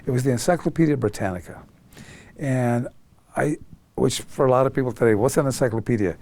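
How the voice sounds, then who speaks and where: A man's voice: mid-range voice, a little fast, a little hiss or hum. Older man telling stories animatedly. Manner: animated, acts out quoted voices. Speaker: guest. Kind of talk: storytelling interview.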